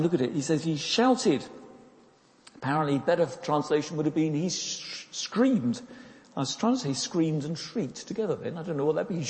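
A man preaches in a relaxed, chatty manner, tossing in questions to his listeners and stumbling over repeated words. His voice is mellow and warm. It rings out with the long reverb of a church hall. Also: fairly high pitch. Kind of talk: sermon.

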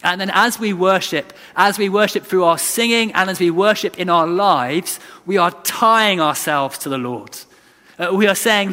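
A man's voice: sits high, normal speed, sharp tone. Earnest man preaching in a reverberant church. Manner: earnest, conversational, with many restarts and emphatic repetition. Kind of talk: sermon.

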